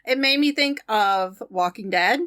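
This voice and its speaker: A woman's voice: mid-range voice, a little slow, fairly bright tone, no room sound, clean studio sound. A woman co-hosting a podcast, chatting casually and agreeably as she recaps a film's plot in detail. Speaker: podcast co-host. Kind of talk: casual chat reviewing a film.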